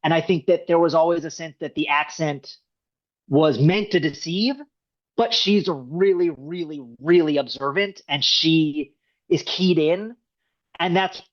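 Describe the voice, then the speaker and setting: A man, a screenwriter, talking casually in an interview, rambling with many restarts. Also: on the high side. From United States. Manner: rambling, restarts often, animated. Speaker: screenwriter guest. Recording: dull lo-fi sound.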